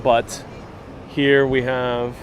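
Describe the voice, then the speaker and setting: Very slow and monotone, a man with a medium-pitched voice hosts a live-streamed bus tour of a city, reading viewer comments and chatting casually. Faint street and traffic noise can be heard.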